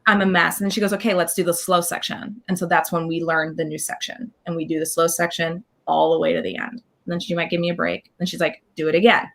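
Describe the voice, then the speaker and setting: Lively bright-voiced woman telling a story. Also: fairly low pitch, quick pace, few pauses. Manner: animated, scats dance counts, acts out quotes. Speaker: guest performer. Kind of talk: casual interview chat.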